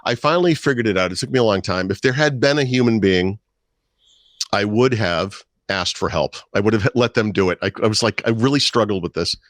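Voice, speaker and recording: A man's voice: lowish voice, fairly quick, dry recording. A middle-aged man and podcast co-host, telling wry anecdotes in casual chat. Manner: storytelling, wry, puts on voices in anecdotes.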